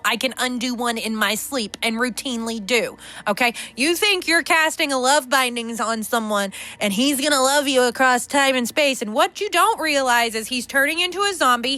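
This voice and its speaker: A woman's voice: high voice, pushed and bright. A woman hosting a podcast, ranting bluntly and profanely with lots of restarts. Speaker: podcast host. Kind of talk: unscripted spiritual rant. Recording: faint background music.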